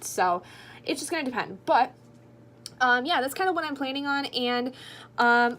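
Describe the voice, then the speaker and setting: A woman's voice: fairly high pitch, slight background noise. Sleepy young woman rambling late at night. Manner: rambling, filler-heavy, drowsy. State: tired, yawning. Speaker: book vlogger. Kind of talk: casual late-night vlog chat. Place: at home at night.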